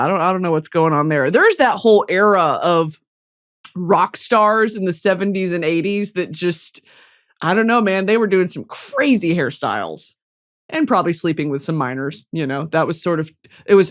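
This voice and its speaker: A young woman hosting a podcast in a casual comedic monologue, profane and animated, jumping from loud outbursts to low mutters. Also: moderate pace. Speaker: podcast host.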